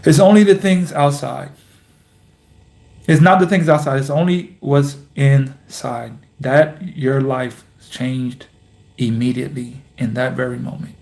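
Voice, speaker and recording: A young man giving a slow, earnest and repetitive personal vlog monologue as host of his basketball channel. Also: mid-range voice.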